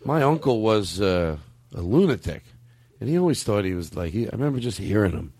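A man's voice: fairly low pitch, sing-song, a little fast, warm tone, slightly rough, dry recording, studio quality. A male podcast host joking with his co-host, telling rambling, profane stories. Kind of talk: comedic banter.

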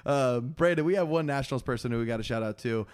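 A man's voice: medium pitch, fast, clear, resonant tone. A young man co-hosting a casual podcast from his apartment bedroom, joking and teasing his co-host.

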